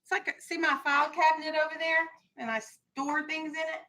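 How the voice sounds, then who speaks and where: A woman's voice: sits high, little pitch movement, normal speed, pushed and bright, low-quality recording. A woman teaching a classroom vocabulary lesson, firm and explanatory, stressing key words.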